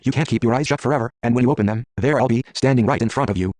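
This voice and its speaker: A man's voice: mid-range voice, racing, darkish tone, dry recording, natural voice. A man voicing a seductive female gorgon with snake hair, teasing and patient, read close to his own voice in a game playthrough.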